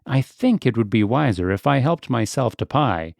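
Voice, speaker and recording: A man's voice: mid-range voice, animated, moderate pace, gravelly, darkish tone, no room sound, studio quality. A man voicing an anxious, fussy female dog guest who whimpers and frets. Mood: fretful.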